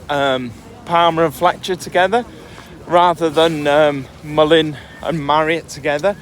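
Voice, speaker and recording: A man's voice: a little high, steady tone, unhurried. A man co-hosting a podcast, chatting casually about football with lots of ums, recorded outdoors on the move. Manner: chatty, hesitant with frequent ums. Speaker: podcast co-host.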